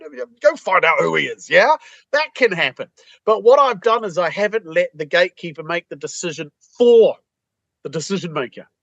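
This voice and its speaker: A British man with a high voice speaks bluntly and punchily, acting out both sides of phone calls as he explains his sales methods. The sound is dry and close, with no room around it. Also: fairly bright tone, no room sound, poor audio. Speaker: sales trainer. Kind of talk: interview answers.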